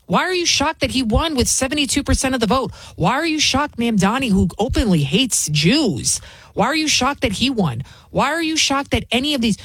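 A woman hosting a show, giving opinionated political commentary in an emphatic, indignant way with rapid rhetorical questions. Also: fairly high pitch, expressive, no echo. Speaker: fill-in host.

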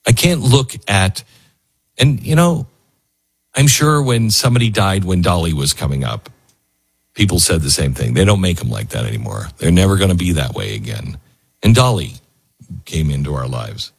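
Husky, dry-voiced talk show host. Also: male voice, deep voice, animated, moderate pace, pauses often, dry recording. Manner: emotional, rambling, with restarts. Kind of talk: casual talk radio monologue.

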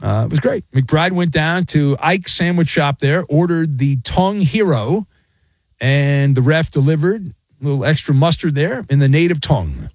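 Man, sports radio host, sarcastic monologue, slightly high voice, dry studio mic. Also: animated, moderate pace, a little mellow, dry recording. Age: middle-aged. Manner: sarcastic, theatrical, mocking voices.

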